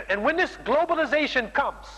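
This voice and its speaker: A man's voice: extremely high pitch, lively intonation, moderate pace, sharp tone, long reverb tail, low-quality recording. A man preaching a sermon, emphatic, keeps ending lines with "man.". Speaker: Muslim preacher.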